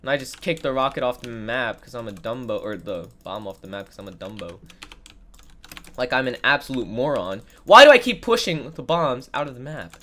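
A woman with a low, nasal voice, stuffed up from being sick, talks her way through a game. Her commentary is sarcastic and full of mock complaints. Her pitch swings widely as she exclaims. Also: expressive, fairly quick, fairly bright tone. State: sick, congested. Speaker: gaming video creator. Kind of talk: gameplay commentary.

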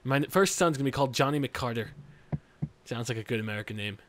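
A young man hosts a casual online gaming chat in a playful, joking way. His voice sits in the middle of the male range, and he often trails off into low mumbles. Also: quick pace. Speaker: host.

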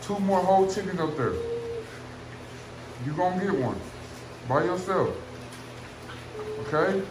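A man's voice: high voice, expressive, unhurried, long pauses. A man, filming his dogs at home and talking to them in a coaxing, teasing way. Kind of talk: casual vlog commentary. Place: at home among feeding dogs. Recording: roomy echo, clear background noise. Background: dogs eating and moving about.

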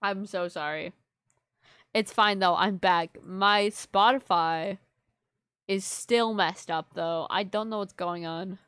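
A young woman chatting to her stream audience at a desk mic, rambling on and apologizing often as she works through things. Her voice sits at an ordinary middle pitch, and the sound is close and dry with no room echo. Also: steady tone, slow, a bit bright, clear, resonant tone. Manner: rambling, apologetic, filler-heavy. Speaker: livestreamer. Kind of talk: casual live-stream chat to viewers.

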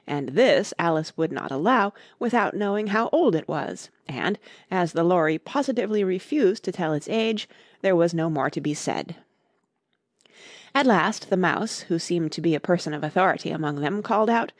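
A woman narrating a classic storybook in a clear, measured reading. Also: lowish voice, expressive, no echo, clean studio sound. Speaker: audiobook narrator.

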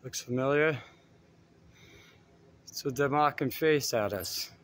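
A man's voice: medium pitch, slow pace, a bit bright, slight background noise. Out-of-breath man walking and talking. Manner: chatty, addresses viewers directly. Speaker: vlogger. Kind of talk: casual walking vlog. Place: outdoors on a hilly school campus.

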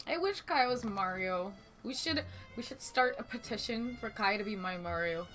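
A woman streaming a video game, chatting casually, swearing freely and breaking into sudden loud exclamations. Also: medium pitch, animated, normal speed, soft background music. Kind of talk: casual gaming commentary.

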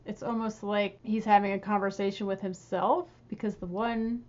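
A woman hosting a music reaction, talking casually and excitedly and laughing as she gushes about a song. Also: mid-range voice, moderate pace, hardly any pauses, highs cut off. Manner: excitable fangirl gushing, laughing.

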